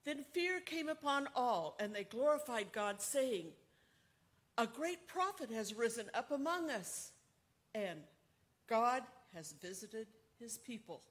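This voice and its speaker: Female worship leader, slow deliberate scripture reading, slightly high voice. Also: very animated. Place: church sanctuary.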